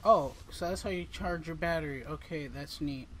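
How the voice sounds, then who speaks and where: A man's voice: on the high side, moderate pace, a bit bright, a little hiss or hum, rough recording. A man commentating a horror game as he plays, nervous and jumpy, talking back to the characters on screen. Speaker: gaming YouTuber.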